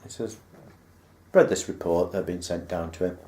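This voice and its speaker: A man's voice: low-pitched, steady tone, moderate pace, warm tone. A man casually recounting a school memory, rambling and acting out the remembered dialogue. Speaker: vlogger. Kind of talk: casual personal storytelling. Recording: roomy echo.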